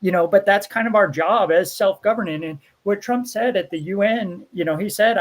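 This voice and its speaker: A man's voice: high voice, normal speed, hardly any pauses. A man from Pennsylvania hosting a casual livestream chat, talking loosely with many fillers. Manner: loose and rambling, lots of fillers.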